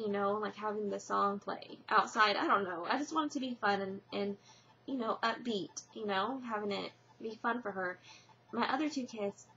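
Rambling young mother with a gravelly voice. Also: fairly high pitch, fairly bright tone. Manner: rambling, many fillers and restarts. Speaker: vlogger. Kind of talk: casual confessional vlog. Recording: muffled lo-fi webcam audio with faint hiss.

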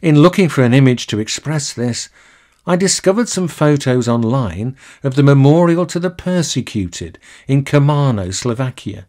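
A male minister giving a recorded sermon in a measured, deliberate way, slowing down to linger on key phrases. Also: mid-range voice, expressive, a little mellow.

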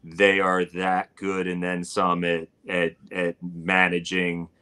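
A man's voice: low voice, monotone, slow, sharp tone, clear, resonant tone. A man talking casually as a guest in an interview, rambling with plenty of fillers as he tells a story. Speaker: barbecue cook and guest. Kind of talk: casual live-stream interview.

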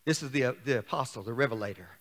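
A man in middle age preaching a sermon as pastor, shouting at times and dropping to a hush. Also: mid-range voice, racing. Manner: shouts and swings between loud and hushed. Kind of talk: fiery sermon. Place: church sanctuary. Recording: long church reverb.

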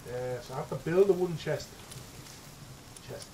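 A young man's fairly high voice runs through loose, casual let's-play commentary. He is excitable and swears often, talking to his in-game pet as though it could hear him. A faint hiss sits under the voice. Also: normal speed. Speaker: gaming streamer.

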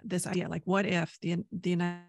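A woman's voice: on the low side, little pitch movement, fairly quick, creaky. A woman who grew up in Canada, a podcast guest telling rambling stories in casual chat, often tagging her sentences with "right?". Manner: rambling storyteller, many "right?" tags.

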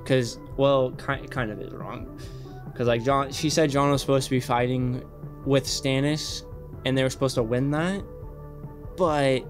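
Excitable young man ranting casually. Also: medium pitch. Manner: excitable, swears a lot, rambling. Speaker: reaction channel host. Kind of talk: casual commentary.

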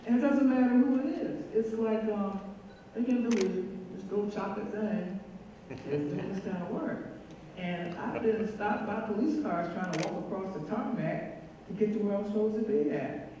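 A woman in her sixties telling stories on stage in a lively way, laughing and acting out what people said, as a guest speaker in a large hall. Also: medium pitch, moderate pace, far from the mic, highs cut off. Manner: lively, laughing, acts out quotes. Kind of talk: animated storytelling on stage. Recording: echoey hall, mic from afar, faint hiss.

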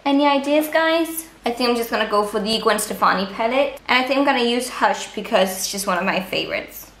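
A woman's voice: mid-range voice, fairly bright tone. A young woman from Denmark, a native Danish speaker, chatting casually to camera as a beauty vlogger in a room at home, bubbly and gushing. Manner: bubbly, gushing, quick asides to viewers. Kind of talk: casual vlog talk to camera. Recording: echoey room.

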